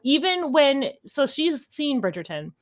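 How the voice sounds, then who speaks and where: A woman's voice: high voice, big pitch swings, unhurried. A woman from Wisconsin chatting as a podcast guest, with dry, sarcastic humor. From Wisconsin, USA. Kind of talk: casual chat.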